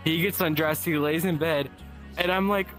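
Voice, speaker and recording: A man guest on a casual podcast, telling stories in a playful, animated way. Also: fairly high pitch, normal speed, over music. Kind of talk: casual chat.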